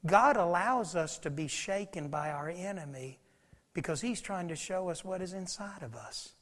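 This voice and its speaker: A pastor preaching a sermon, swinging between loud, urgent passages and hushed whispers. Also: male voice, high-pitched, lively intonation, moderate pace. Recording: long hall reverb.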